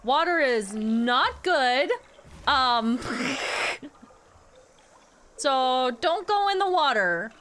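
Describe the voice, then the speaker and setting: A woman's voice: high-pitched, animated, drawn-out words, pauses often, a bit bright. A woman streaming a game live, playful and laughing often, yelping at the screen and chatting with viewers. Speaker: VTuber streamer. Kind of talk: live gameplay commentary with chat. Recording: background game music.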